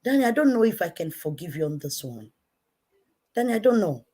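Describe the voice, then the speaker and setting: Low-voiced Nigerian woman ranting. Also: sing-song, fairly quick, slightly rough. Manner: repetitive, emphatic, swinging from quiet to shouting. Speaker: online commentator. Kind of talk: impassioned direct-to-camera rant.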